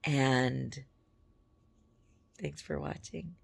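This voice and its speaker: Female vlogger, hoarse crackly voice, loose chatty delivery, home camera sound. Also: a bass voice, fairly even intonation, very slow. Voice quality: gravelly. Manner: chatty and rambling, with fillers. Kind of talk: casual chat to camera. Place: at home on a couch.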